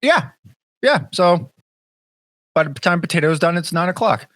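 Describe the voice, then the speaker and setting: A man's voice: on the high side, animated, measured pace, fairly bright tone, no room sound. Dry-sounding man rambling on a podcast. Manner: rambling, profane, many fillers and restarts. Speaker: podcast co-host. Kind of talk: casual chat. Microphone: webcam setup.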